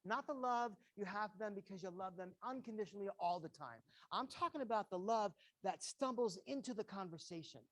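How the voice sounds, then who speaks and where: A man's voice: high-pitched, animated, a little fast, few pauses. A man giving an earnest lecture to parents, stressing his points by repeating them and acting out short quoted exchanges. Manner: earnest, emphatic, repeats key phrases; acts out little quoted exchanges. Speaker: guest educator speaking to parents. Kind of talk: motivational lecture with slides.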